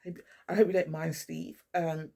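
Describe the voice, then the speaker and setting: Gravelly, husky woman vlogging. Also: low voice, flat delivery, normal speed, dark tone. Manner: blunt, swearing, restless. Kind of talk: rambling monologue to camera. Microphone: camera mic.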